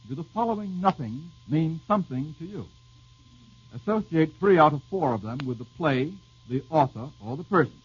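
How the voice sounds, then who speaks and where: A man's slightly raised, husky voice leads a vintage radio quiz with wry, joking banter. He reads out questions and teases his panelists. The sound is dull and lo-fi, like an old radio broadcast. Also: on the high side, animated. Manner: wry, bantering, quick with jokes. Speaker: quizmaster host. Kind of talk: old-time radio quiz show hosting.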